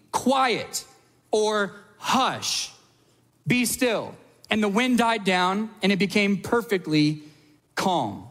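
A man in his thirties preaching a sermon, telling lively stories and acting out little asides. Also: high-pitched, big-room sound. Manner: energetic storytelling with acted-out asides. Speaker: pastor.

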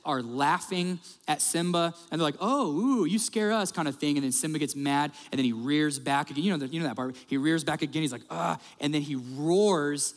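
A male pastor preaching a sermon, telling stories in a lively way and acting out the quotes. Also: fairly high pitch, a little fast, few pauses, in a large hall. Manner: animated storyteller, acts out quotes.

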